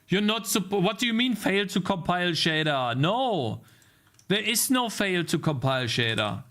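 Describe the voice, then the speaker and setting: A man streams himself coding and narrates as he goes, addressing his chat and scolding the screen with swearing. His voice sits high and swings widely in pitch as his patience runs out. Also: sing-song, normal speed, bright, forceful tone. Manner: exasperated, scolds his code aloud and swears; talks to his chat as "guys". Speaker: streamer coding a game live. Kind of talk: live coding stream talk.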